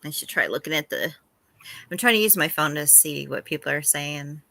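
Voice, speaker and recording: A woman chatting as a guest. Her voice is very low but bright and forceful, and the sound is dry and close. She talks openly and easily, as a parent. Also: normal speed, vocal fry, dry recording. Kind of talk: casual chat.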